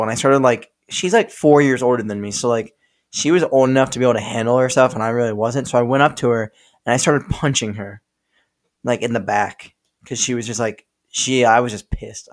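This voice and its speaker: Profane, rambling young man. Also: mid-range voice. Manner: rambling, profane, laughs often. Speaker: podcast co-host. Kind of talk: casual storytelling chat.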